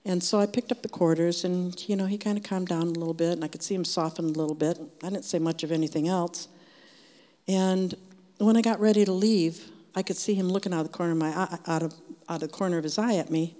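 An older woman with a low voice shares a faith testimony with her church group. She tells it earnestly and conversationally, with the long reverb of a large hall behind her words. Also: fairly even intonation, fast, mellow. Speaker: member of a church group sharing.

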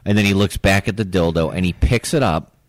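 A man on a podcast telling a rowdy story in casual chat, often laughing and stumbling over his words. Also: low voice. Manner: animated, laughing, halting restarts. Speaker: podcast co-host.

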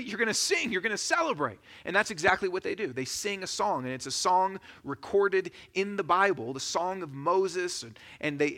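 Bright-voiced man preaching casually. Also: on the high side. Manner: conversational, animated storytelling. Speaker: pastor. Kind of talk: sermon.

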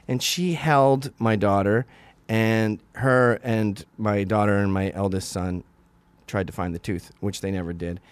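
A man in his forties hosting a podcast, delivering a crude comedic monologue with sudden loud outbursts. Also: lowish voice, measured pace, smooth, no room sound. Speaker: podcast host.

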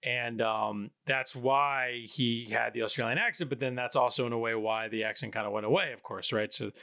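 A podcast host chats casually over a remote call from his home in Pittsburgh, rambling and correcting himself as he goes. His medium-pitched voice is steady, gravelly, bright and forceful at a normal speed, and the sound is clean studio quality with no echo.

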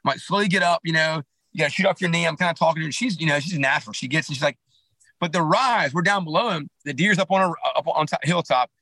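A man being interviewed on a podcast, telling a hunting story in a rambling, animated way with many restarts and asides. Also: on the high side, fast talker, dry recording, poor audio. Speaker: podcast guest, clothing company founder.

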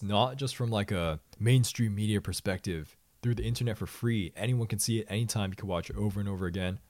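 A man's voice: on the low side, darkish tone, dry recording, clean studio sound. A young man co-hosting a podcast in a laid-back casual chat, mostly giving short agreeing replies. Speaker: podcast co-host.

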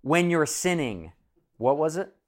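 A man's voice: on the high side, big pitch swings, a little slow. A man preaching a sermon in a conversational, self-deprecating way, reading scripture and acting out imagined conversations. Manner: conversational, self-deprecating, acts out quoted voices. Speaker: pastor.

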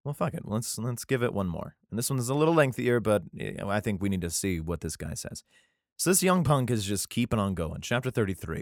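Young guy reading old bible verses all dramatic then muttering sarcastic swears, pitch all over the place, dead dry sound. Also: animated, fairly quick, a little mellow, no echo. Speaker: reader and commentator. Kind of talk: casual irreverent Bible reading with commentary.

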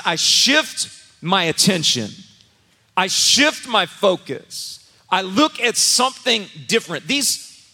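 A man's voice: sits high, pushed and bright. A middle-aged male pastor preaching a sermon, telling a personal story in a humorous, conversational way. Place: church sanctuary. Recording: echoey church sanctuary.

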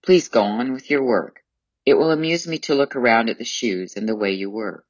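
A man's voice: mid-range voice, normal speed, dry recording, dull audio, lightly acted. A man reading an audiobook memoir, voicing a composed, insistent woman customer who is polite but commanding. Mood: calmly insistent.

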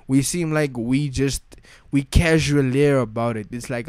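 A man's voice: mid-range voice, moderate pace, few pauses, darkish tone, clear, resonant tone, dry recording. A young man giving a casual, slangy rant as a football fan vlogger, frustrated and repeating himself.

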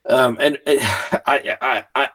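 A man in casual podcast chat, talking animatedly and swearing often, acting out quotes with sudden shouts. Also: medium pitch, steady tone, slow.

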